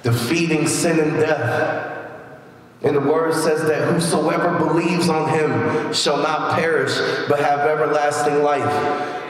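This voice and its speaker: A man's voice: a little high, fairly even intonation, slow pace. A middle-aged male pastor preaching a sermon, often repeating words and stumbling as he builds his points, recorded in a large church hall. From United States. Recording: echoey church hall from far off.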